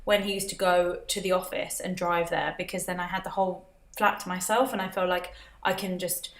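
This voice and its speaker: A woman's voice: on the low side, flat delivery, a little fast. A woman hosting a casual livestream, chatting, laughing often and reading out viewer comments. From Britain. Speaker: livestream host. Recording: roomy echo.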